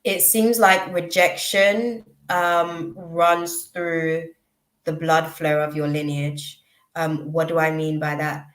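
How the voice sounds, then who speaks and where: A woman gives a live tarot reading in a low-pitched, unhurried voice. She pauses often, restarting her sentences as she feels her way to the message. Her voice carries the echo of a roomy space. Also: flat delivery. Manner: slow, reflective, with frequent ums and restarts. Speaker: tarot reader.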